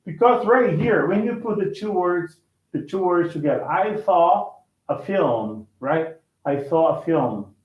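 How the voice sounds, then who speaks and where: Male teacher, slightly high-pitched, repetitive, on an echoey phone-quality line. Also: moderate pace. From Brazil. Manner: repetitive, restarts phrases and checks with "right?". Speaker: language teacher. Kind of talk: casual online lesson.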